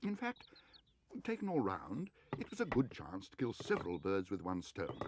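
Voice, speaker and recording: A man streaming from home, reading a children's storybook aloud in an expressive, animated way. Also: deep voice, normal speed, noisy background.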